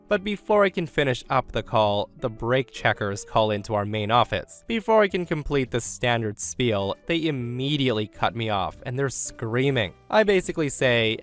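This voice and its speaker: A man narrating a story in an expressive, scripted storytelling style. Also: mid-range voice.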